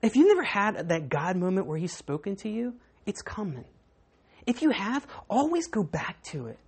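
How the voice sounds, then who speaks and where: A woman preacher giving a sermon, telling a story with animated, dramatic swings. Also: mid-range voice, normal speed, husky.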